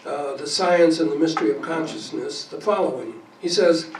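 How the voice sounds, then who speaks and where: A man presenting to a support group, his fairly high voice carrying from a distance across an echoey meeting room. He reads passages aloud and catches his own small slips. A faint hiss of noise sits under the recording. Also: normal speed, hardly any pauses. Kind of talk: talk reading quotes to a group.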